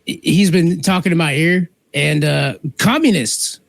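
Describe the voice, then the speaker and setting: A man's voice: fairly high pitch, measured pace, gravelly, no echo. A man co-hosting a comedy podcast, teasing and needling the others in casual banter. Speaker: podcast co-host.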